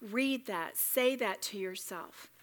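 A woman's voice: medium pitch, takes it slowly, a bit bright. A woman giving a Bible study talk to a room of women, chatty and joking yet earnest. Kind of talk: sermon.

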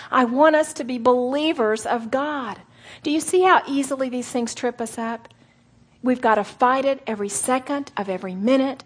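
A woman preaching to women, telling her own story with lively, animated delivery and acted-out voices. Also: a little high, slightly rough. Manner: animated storytelling, acts out voices, laughs often. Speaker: women's Bible teacher. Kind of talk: sermon.

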